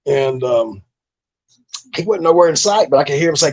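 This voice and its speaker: A husky, darkish voice on the high side, brisk in pace, belongs to a middle-aged ex-pro wrestler. In a casual interview he tells career stories with lots of fillers, in a laid-back, profane manner.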